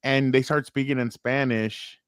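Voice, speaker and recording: A man with a smooth, resonant voice tells a story on a podcast and acts out the people in it. He is recorded close and dry, with no room sound. His pitch sits in a middle range. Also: fairly even intonation, measured pace, no room sound. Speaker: podcast co-host. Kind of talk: casual chat, storytelling.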